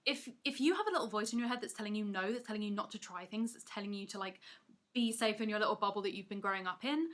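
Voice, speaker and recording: A woman hosting her own video, ranting to camera with rapid, emphatic, self-mocking energy from a rented room. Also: mid-range voice, fairly bright tone. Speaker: video essayist host. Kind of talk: energetic comedic rant to camera. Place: rented apartment room, indoors. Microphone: camera mic, seated in wheeled office chair.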